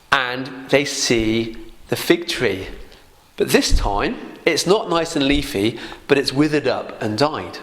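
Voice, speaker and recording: A man's voice: mid-range voice, unhurried, fairly bright tone. Chatty man teaching the Bible. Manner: conversational, laughs often, asks rhetorical questions.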